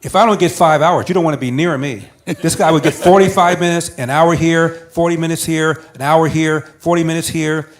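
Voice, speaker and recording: A man's voice: fairly high pitch, fairly even intonation, fairly quick. An older man, a talk show guest, telling a personal story with emphatic, building repetition.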